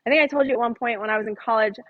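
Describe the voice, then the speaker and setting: A woman's voice: on the high side, rapid-fire, phone-quality sound. A middle-aged woman teaching a women's Bible study, chatty and joking with the group. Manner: chatty, jokes with the audience, acts out voices in quotes.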